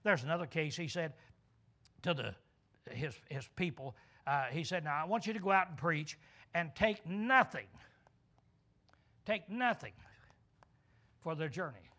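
A man's voice: on the high side, animated, measured pace, long pauses, bright, forceful tone. A man preaching a sermon, asking questions and answering them himself, drawling key words for emphasis.

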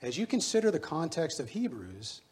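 A man's voice: a little high, very animated, normal speed, a little mellow. Earnest man preaching a sermon. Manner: earnest, exhorting, personal running anecdotes. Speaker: pastor.

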